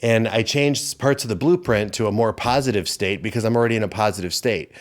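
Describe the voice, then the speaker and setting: A man's voice: on the low side, fairly quick. Pumped-up preachy man in his fifties. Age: 50s. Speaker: podcast host. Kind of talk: motivational monologue.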